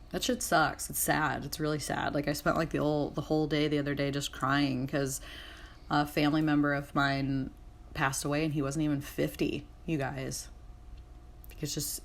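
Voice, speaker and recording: Low-voiced woman, candid chatty podcaster. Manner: candid, chatty, swears freely, laughs at herself. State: has a cough. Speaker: podcast host. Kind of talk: casual solo podcast talk.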